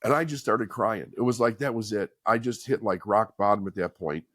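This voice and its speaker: A man's voice: fairly low pitch, brisk, fairly bright tone, no echo, studio quality. A middle-aged man, a podcast guest, telling his life story in an earnest, candid, conversational way. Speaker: podcast guest, author and speaker. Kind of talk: personal storytelling in an interview.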